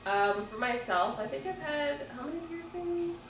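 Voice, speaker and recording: A woman's voice: high-pitched, animated, moderate pace. Woman in her 30s from ontario, sweary easygoing livestream chat, mic kinda far, echoey room, some music in back. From Ontario, Canada. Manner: chatty and swears freely, reads out comments. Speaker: livestream host. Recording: roomy room, distant mic, music behind.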